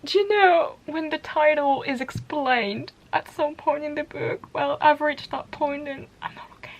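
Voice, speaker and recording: A woman's voice: sits high, normal speed, few pauses, a little hiss or hum. A woman book vlogger talking casually to camera, emotional, laughing often and dropping into whispers. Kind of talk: casual vlog diary.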